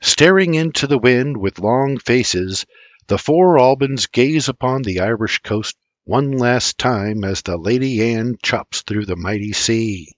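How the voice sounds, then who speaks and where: Slow older male audiobook narrator. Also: mid-range voice, dry recording. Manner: slow, measured, lively intonation. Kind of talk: scripted narration.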